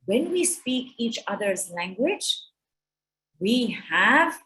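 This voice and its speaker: A middle-aged woman speaking on relationships at an online summit, animated and conversational, acting out quoted exchanges. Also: on the high side, slow, rough recording.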